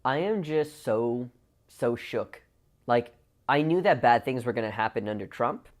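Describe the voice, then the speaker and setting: A woman's voice: very deep voice, animated, a little slow, heavy background noise. A woman vlogger ranting to her camera, impassioned and full of "like" fillers. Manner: impassioned, heavy use of "like" fillers. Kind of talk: emotional video rant.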